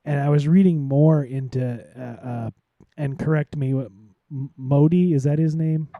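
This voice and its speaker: A man's voice: a little high, steady tone, moderate pace, no room sound, narrow, tinny audio. A man co-hosting a live podcast, talking casually with frequent restarts and fillers, sometimes exasperated, and tired. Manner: rambling, many restarts and fillers. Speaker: podcast co-host.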